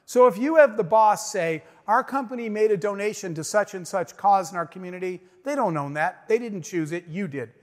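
A man's voice: sits high, lively intonation, a little fast, few pauses, in a large hall. A man giving a motivational speech, telling a story with emphasis and acting out the dialogue. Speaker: business owner giving a speech.

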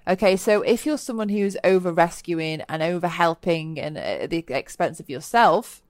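A woman speaks in a lowish voice, recorded close and dry with no room sound. She hosts a solo self-help podcast, earnest and motivational. She acts out remembered lines with bright, lively voices. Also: dry recording. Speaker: podcast host. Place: lives in Bali.

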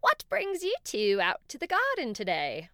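A woman's voice: fairly high pitch, wildly swooping pitch, moderate pace, bright, forceful tone, dry recording, clean studio sound, exaggerated voice. A woman voicing a friendly male unicorn in a children's story, speaking in a melodious, welcoming way. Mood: cheerful. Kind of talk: storybook character voice.

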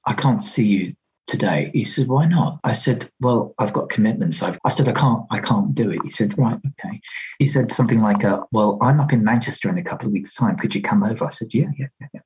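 A man, a radio DJ, telling a story about his career in a casual, animated way, acting out the quoted dialogue with lots of restarts. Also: medium pitch, slightly rough, poor audio.

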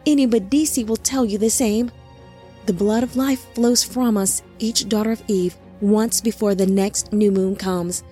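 A woman's voice: medium pitch, fairly even intonation, a little slow, dark tone, soft background music, voice pushed up, natural voice. A woman voicing a frightened young woman held captive who pleads and stammers in a raised, tense voice. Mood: frightened, pleading.

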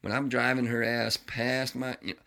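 A man's voice: mid-range voice, level tone, normal speed, gravelly, bright, forceful tone. A man hosting a podcast, talking in a blunt, profane, rambling monologue. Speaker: podcast host. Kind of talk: casual ranting monologue.

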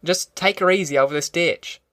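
A man voicing a steady, practical young male farm worker in a rural drawl, in an audiobook. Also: fairly high pitch, normal speed, no echo, studio quality, voice pushed up.

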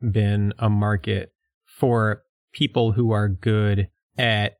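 A man's voice: lowish voice, level tone, slow pace, a little mellow, no room sound. Guy with a ny-philly accent ranting on a podcast, swears a lot, dry close mic. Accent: New York and Philadelphia. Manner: profane, exasperated, laughing often. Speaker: podcast co-host. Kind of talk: casual podcast chat.

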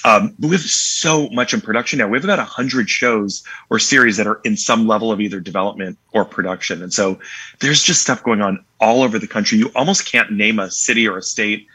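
A man's voice: on the low side, a little fast, bright, forceful tone, slightly rough, dry recording. A man talking as a guest in a casual interview, upbeat and enthusiastic. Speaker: TV network executive guest.

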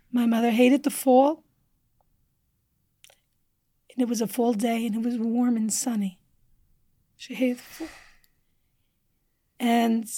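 A woman guest on a podcast telling a personal story with earnest feeling, sometimes dropping to a hushed near-whisper. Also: a little high, fairly even intonation, measured pace, pauses often, no room sound. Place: indoor studio table.

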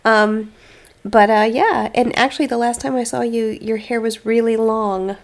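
A woman's voice: fairly high pitch, steady tone, normal speed. A woman co-hosting a podcast in casual chat, playful and teasing, with dramatic little asides. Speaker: podcast co-host.

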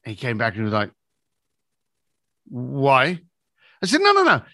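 A middle-aged man telling an animated anecdote, acting out both sides of a phone call. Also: racing, no echo, clean studio sound. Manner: acts out both sides of a phone call, shifting pitch a lot. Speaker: storyteller.

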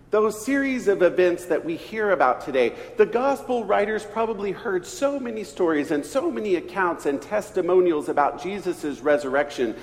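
A middle-aged man from East Texas, preaching a storytelling sermon in a church. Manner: slow, storytelling delivery with wide swings in pitch and volume. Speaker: pastor. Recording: reverberant church hall.

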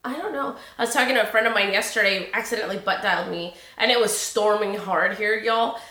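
A woman's voice: medium pitch, a little fast, reverberant. A young adult woman host telling personal stories in a chatty way, acting out quotes and laughing often. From Sacramento area, California. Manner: animated, acts out quotes, says y'all, laughs often. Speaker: podcast host.

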